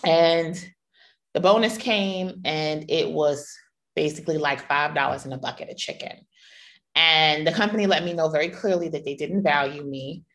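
A woman's voice: deep voice, moderate pace, fairly bright tone. A middle-aged woman hosting a podcast, telling personal stories in a candid, playful and emphatic way. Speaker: podcast host. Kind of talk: personal storytelling monologue.

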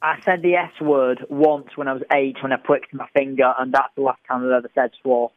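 A man's voice: medium pitch, level tone, brisk, no room sound, narrow, tinny audio. A man calling in to a chat podcast, talking casually in a prim, indignant way about swearing. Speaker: caller.

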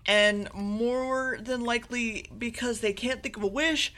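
A woman's voice: a little high, measured pace, sharp tone. A woman co-hosting a podcast, giving a rambling, casual anime recap with laughs and swearing. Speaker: podcast co-host.

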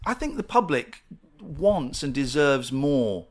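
A man's voice: mid-range voice, very animated, takes it slowly. A man, a radio presenter guesting on a podcast, talking candidly and launching into a passionate, swearing rant. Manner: impassioned, swearing ranter. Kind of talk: candid conversational interview.

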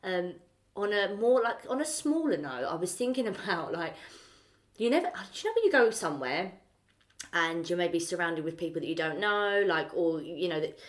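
A woman with a Cockney accent, co-hosting a casual podcast chat, telling lively stories and swearing freely. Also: fairly low pitch, normal speed. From South East London. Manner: animated storyteller, swears freely, acts out her own thoughts. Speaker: podcast co-host.

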